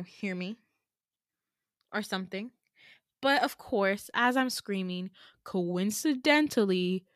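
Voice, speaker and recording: A woman's voice: medium pitch, a bit bright, clear, resonant tone, dry recording, studio quality. A young woman hosting a podcast and telling a dream story in casual chat, full of fillers, swearing and self-mocking laughs. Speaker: podcast host. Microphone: home podcast mic.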